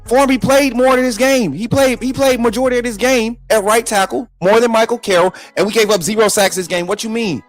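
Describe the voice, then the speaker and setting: A man with a high-pitched voice hosts a live sports talk stream. He talks combatively and repeats himself, speaking straight to his viewers. Faint music plays behind him. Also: steady tone, brisk, few pauses. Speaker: sports show host.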